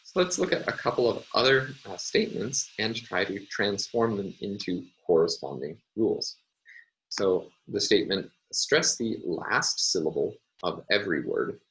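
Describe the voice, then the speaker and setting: Low-voiced man giving a lecture. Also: lively intonation, fairly bright tone, low-quality recording. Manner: measured, explanatory, with frequent "uh" and "um" pauses. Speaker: university lecturer. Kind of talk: recorded academic lecture.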